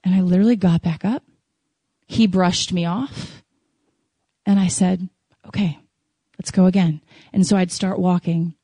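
A woman sharing an emotional faith testimony to a congregation, telling it as a lively story and acting out her prayers. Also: lowish voice, unhurried, pauses often, breathy edge, no echo. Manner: animated, emotional storytelling with laughs and acted prayers. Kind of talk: sermon testimony.

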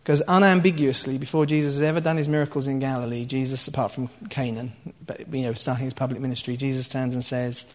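This preacher talks fast with few pauses, his mid-pitched voice fairly even in intonation. In a relaxed, conversational sermon, he works line by line through a scripture passage, stopping to explain and check on his listeners, with asides and gentle laughs along the way.

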